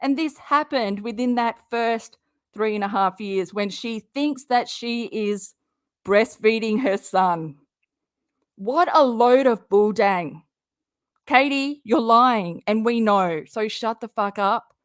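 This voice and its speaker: A woman runs a live commentary stream. She talks slowly and bluntly, calls out her target directly, swears, and stops to answer chat comments. Her voice is dry and close, with no room sound. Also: a little high, clear, resonant tone, dry recording. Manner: reads viewer chat comments aloud.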